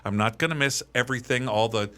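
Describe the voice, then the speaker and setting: A middle-aged man co-hosting a podcast, chatting casually and telling animated stories, laughing as he talks. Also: medium pitch, fast talker. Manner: animated storyteller, laughs while talking. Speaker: podcast co-host. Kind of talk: casual chat.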